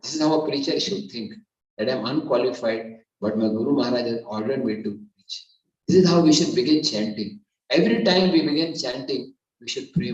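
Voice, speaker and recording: A man giving an earnest devotional lecture, rising to emphatic loud peaks. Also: on the high side, lively intonation, fairly quick, distant mic, dull audio. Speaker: preacher. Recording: echoey hall, voice from off-mic.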